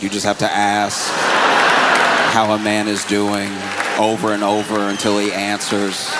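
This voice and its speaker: A male comedian doing stand-up in a dry, deadpan, conversational way. The audience is audible behind him, with a long reverb and background noise. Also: fairly low pitch. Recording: live club with audience and reverb. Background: audience laughter.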